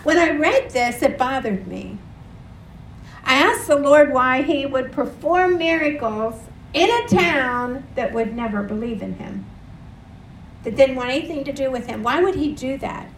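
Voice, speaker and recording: A woman's voice: high-pitched, expressive, unhurried, a little hiss or hum. A woman preaching a sermon, earnest and leading the congregation in repeated phrases. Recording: roomy echo from a distant mic.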